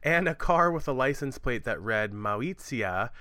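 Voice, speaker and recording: A man in his thirties co-hosts a true-crime podcast, rambling cheerfully through his story with plenty of fillers and asides. His voice is bright and crisp, and it sits close on a dry mic with no room sound. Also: mid-range voice, lively intonation, normal speed, dry recording. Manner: chatty, rambling with fillers and laughs. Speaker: podcast co-host. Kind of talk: casual true-crime chat.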